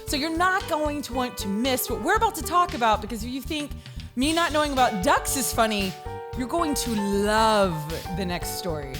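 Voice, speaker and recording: A woman, hosting a talk show and telling comedic stories in an animated way. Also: high-pitched, moderate pace, over music. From Southern United States. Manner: animated storyteller, bursts into shouts. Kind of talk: comedic monologue.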